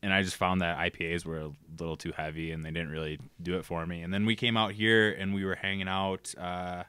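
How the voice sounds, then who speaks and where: A young man from Minnesota, a guest on a podcast, telling stories in an animated, casual way with many fillers. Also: sits low, brisk, clean tone, dry recording. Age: young adult. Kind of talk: casual chat.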